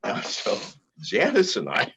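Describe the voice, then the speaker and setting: A man's voice: a little slow, a bit bright, highs cut off. A man telling rambling, profane anecdotes with chuckles, as a guest in a casual interview. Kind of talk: storytelling in casual conversation.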